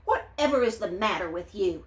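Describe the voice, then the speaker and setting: A woman voicing a young princess who scolds a misbehaving dragon in high, reproachful questions, reading a storybook aloud. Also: lively intonation, moderate pace, roomy sound, close to an everyday voice.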